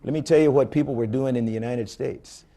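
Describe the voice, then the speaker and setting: A man's voice: mid-range voice, fairly quick, warm tone. An older man answering audience questions at a public forum, candid and blunt, telling stories with frequent restarts. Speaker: space agency head speaking at a public forum. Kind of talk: conversational Q&A answers. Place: conference room before an audience.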